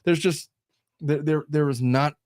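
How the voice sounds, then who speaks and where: A man's voice: a little high, measured pace, dry recording. Blunt, foul-mouthed man, dry sound. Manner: blunt, animated, swears freely. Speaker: host. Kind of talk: casual podcast chat.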